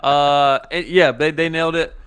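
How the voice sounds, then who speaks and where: A man co-hosting a casual podcast chat, talking in an excitable, emphatic way. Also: fairly high pitch, normal speed, clear, resonant tone, no echo. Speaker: podcast co-host.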